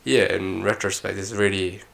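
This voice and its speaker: A young man, co-hosting a casual chat and telling long, animated, slangy stories. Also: low-pitched, moderate pace, creaky. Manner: animated, slangy, rambling storyteller. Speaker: podcast co-host.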